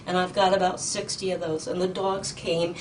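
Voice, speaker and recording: A middle-aged woman testifying in a courtroom, urgent and indignant, halting with ums and restarts. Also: lowish voice, level tone. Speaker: petitioner in court. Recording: distant mic with faint noise.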